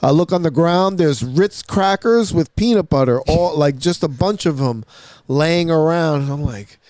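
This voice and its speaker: A man hosting a podcast, telling a long story in casual talk, swearing often and acting out his own lines in a hushed voice. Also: on the high side, unhurried, dry recording. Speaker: podcast host. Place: podcast studio.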